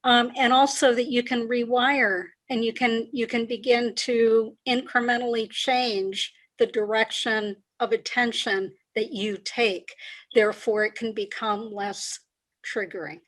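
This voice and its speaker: Higher-voiced woman coach explaining ideas. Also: steady tone, a bit bright. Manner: explanatory, measured, repeats key phrases. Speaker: executive coach, guest. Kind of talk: conversational interview.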